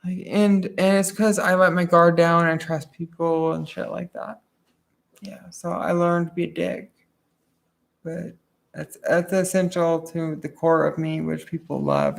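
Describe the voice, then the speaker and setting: Gravelly woman rambling confessionally. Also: on the low side. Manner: rambling, swearing, trailing off quietly. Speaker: streamer. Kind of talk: casual confessional chat.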